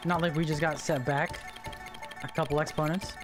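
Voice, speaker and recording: This gaming streamer talks loosely with chat, squeamish and slangy, pleading, groaning and repeating things a lot, with music playing behind. The mid-range voice runs a little fast and keeps a fairly even intonation.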